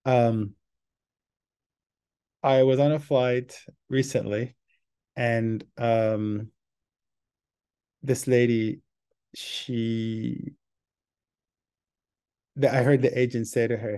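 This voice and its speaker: Mellow-voiced man hosting a podcast. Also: on the low side, takes it slowly, gravelly, pauses often. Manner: relaxed, rambling storyteller. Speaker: podcast host. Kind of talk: casual podcast monologue.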